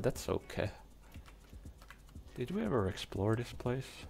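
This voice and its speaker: Slow, gravelly young man gaming. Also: mid-range voice, very animated, a little mellow. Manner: chatty, swears, talks to creatures on screen. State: hoarse, coughing. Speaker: let's play gamer. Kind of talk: casual gameplay commentary. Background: game music.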